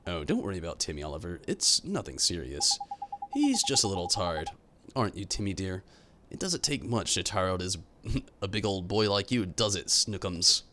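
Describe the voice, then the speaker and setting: A man's voice: low voice, big pitch swings, moderate pace, noisy background. A man voicing a doting elderly woman who fusses over her cat. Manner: doting, cooing. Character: fussing elderly lady cat owner.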